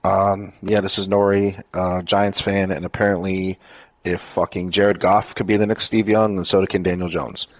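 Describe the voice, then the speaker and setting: A man's voice: low voice, flat delivery, normal speed. A man co-hosting a sports podcast, talking bluntly and swearing casually. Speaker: podcast co-host. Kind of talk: casual chat.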